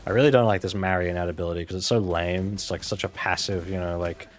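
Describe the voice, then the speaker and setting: A man with a lowish voice talking casually into a desk mic as he plays. He rambles, mutters asides and pokes fun at himself, often trailing off quietly. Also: steady tone, quick pace. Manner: rambling, self-deprecating, mumbly asides. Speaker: gaming channel host. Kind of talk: casual gameplay commentary. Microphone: desk mic with webcam.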